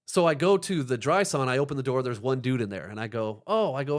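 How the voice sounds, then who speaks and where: Animated, profane man telling a story. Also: medium pitch, very fast, hardly any pauses. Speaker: podcast guest. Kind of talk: casual storytelling chat.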